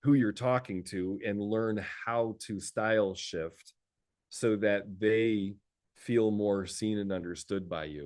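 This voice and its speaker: A man working as an executive coach, talking casually and telling stories with frequent laughter and repeated words. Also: sits low. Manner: lively storyteller who laughs often; repeats words while thinking. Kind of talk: casual conversational talk.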